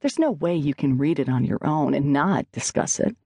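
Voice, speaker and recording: An audiobook narrator with a gravelly, mellow, medium-pitched voice reads in a measured yet expressive way. The recording is dry and has clean studio sound.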